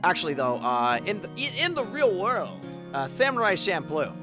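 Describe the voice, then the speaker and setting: A man's voice: high voice, big pitch swings, moderate pace, music in the background. A man casually commenting while playing a game live, laughing at himself in asides. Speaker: streamer. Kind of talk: live let's-play commentary.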